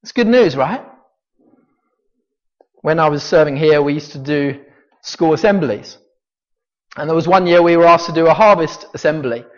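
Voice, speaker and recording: A man in his forties from Britain preaching a sermon, emphatic, with rhetorical questions and dramatic pauses. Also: on the high side, expressive. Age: 40s. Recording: dull sound with long hall reverb.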